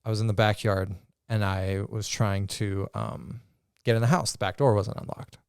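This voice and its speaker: A young man co-hosting a podcast, telling a crude childhood story in casual chat, animated and swearing freely. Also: lowish voice, moderate pace, gravelly, smooth, dry recording, clean studio sound. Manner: storytelling, profane and animated, acts out quoted voices. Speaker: podcast co-host.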